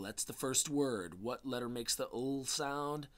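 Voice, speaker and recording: A man teaching a spelling lesson to young children, sounding out each letter slowly and encouragingly. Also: mid-range voice, fairly bright tone. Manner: slow, exaggerated phonics sounds, encouraging.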